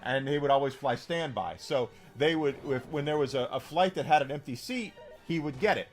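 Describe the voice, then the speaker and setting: A man's voice: medium pitch, fairly quick, faint music behind. A man streaming a game and telling a long story in a rambling, casual way, full of restarts and fillers.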